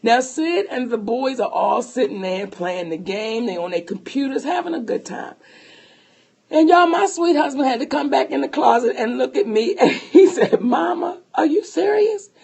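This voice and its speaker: A woman co-hosting a podcast, telling a personal story in an animated, profane way and laughing often. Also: fairly high pitch, normal speed, gravelly, slightly rough. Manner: speaks to listeners as sisters. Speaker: podcast co-host.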